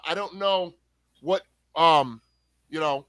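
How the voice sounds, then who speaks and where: High bright voice, exasperated swearing man. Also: lively intonation, normal speed, no echo. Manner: exasperated, swears openly, calls people bro. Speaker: co-host. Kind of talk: heated casual chat.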